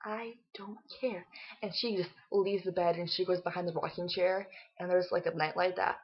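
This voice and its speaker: A woman's voice: lowish voice, little pitch movement, a little fast, breathy edge. A young woman vlogger telling a story in a casual chat, full of "like" and acting out what was said. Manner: chatty retelling, full of "like", acting out quotes. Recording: dull lo-fi home recording.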